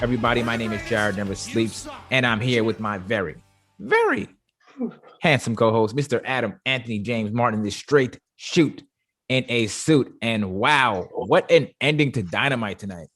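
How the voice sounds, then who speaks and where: Excitable man hosting a casual review. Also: fairly low pitch, moderate pace, soft background music. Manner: stumbling, repeats words when excited. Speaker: show host. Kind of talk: casual chat reviewing wrestling.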